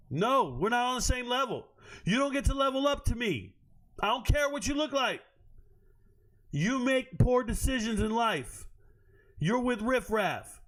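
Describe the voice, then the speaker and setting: A man's voice: very high voice, fairly bright tone. A man hosting a live stream, ranting at his chat in a brash, profane, confrontational way.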